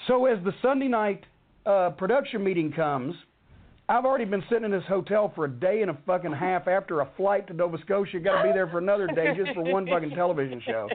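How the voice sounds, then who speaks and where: A middle-aged man with a fairly high voice tells a long, rambling backstage story, swearing freely and getting worked up as he goes. The sound is thin and tinny, like a phone line. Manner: heated, cursing, rambling storyteller. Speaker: wrestling storyteller. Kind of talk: profane anecdote on a talk show.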